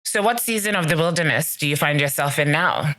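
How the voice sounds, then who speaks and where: On a solo podcast meant to motivate, a woman with a low-pitched, slightly bright voice talks fairly quickly. She's earnest and emphatic, repeating important phrases while offering encouragement.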